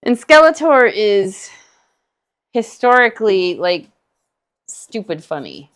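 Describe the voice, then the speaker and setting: Female co-host at an ordinary pitch; relaxed, talkative, quick to laugh. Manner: chatty, laughs easily, rambling asides. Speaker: co-host painting along. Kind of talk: casual chat during a painting livestream.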